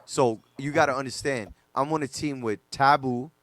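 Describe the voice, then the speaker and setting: A man's voice: mid-range voice, steady tone, normal speed, a bit bright, dry recording. A man, a DJ guest on a podcast, telling stories casually with loose slang and lots of fillers.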